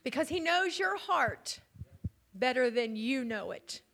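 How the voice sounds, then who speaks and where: A woman preaching a sermon, telling the story dramatically, dropping to near whispers and building to loud emphatic peaks. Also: high voice, big pitch swings, measured pace, vocal fry.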